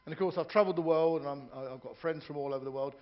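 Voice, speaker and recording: A man works the room as a stand-up comic aboard a ship, spinning long jokes and chatting with the crowd. His voice sits a little high for a man. The live recording sounds dull and lo-fi. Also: very fast. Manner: joke-telling with voiced characters and asides to the audience. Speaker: stand-up comedian. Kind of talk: stand-up comedy on stage. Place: ship's theatre lounge.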